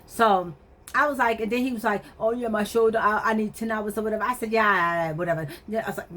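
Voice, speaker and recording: A woman casually retelling a frustrating story, animated and exasperated, full of slangy asides and quoted back-and-forth. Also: a little high, quick pace. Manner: conversational, slangy, frequent fillers like "or whatever".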